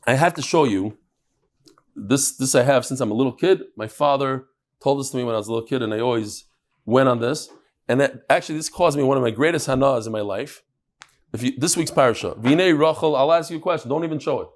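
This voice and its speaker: A man's voice: mid-range voice, fast. A man teaching a live Talmud class, bantering with his listeners and mixing Yiddish and Hebrew terms into his talk.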